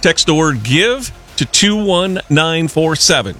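A man co-hosting a radio fundraising drive, earnest and excitable, laughing between his lines. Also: a little high, measured pace. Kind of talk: on-air fundraising appeal.

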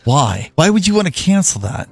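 A man's voice: fairly high pitch, very animated, normal speed, gravelly, husky, dry recording, soft background music. A man co-hosting a radio show who chimes in with short, encouraging remarks. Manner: encouraging, short supportive interjections. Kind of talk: casual on-air chat.

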